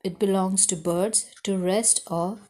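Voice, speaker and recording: A woman's voice: medium pitch, steady tone, unhurried, a little mellow. A woman teacher with an Indian English accent, reading a story aloud to children and explaining words patiently.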